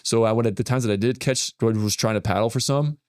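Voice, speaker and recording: A man hosting a podcast, telling a story in a rambling, excitable way full of fillers. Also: on the low side, fast, clean tone, no room sound, studio quality. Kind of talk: casual storytelling in conversation.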